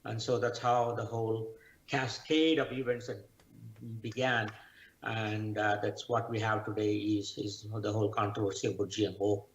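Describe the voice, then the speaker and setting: A middle-aged man, a guest scientist, answers interview questions in a measured, explanatory way, pausing often with "uh". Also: fairly low pitch, level tone. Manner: measured, explanatory, with frequent "uh" pauses. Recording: roomy, dull remote audio.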